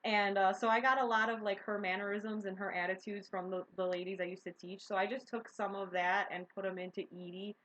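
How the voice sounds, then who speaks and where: A woman's voice: mid-range voice, level tone, a little fast, hardly any pauses, a bit bright. Chatty woman co-host, laughs a lot, muffled stream sound. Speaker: co-owner of a role-playing stream. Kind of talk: casual chat. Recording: dull lo-fi stream audio.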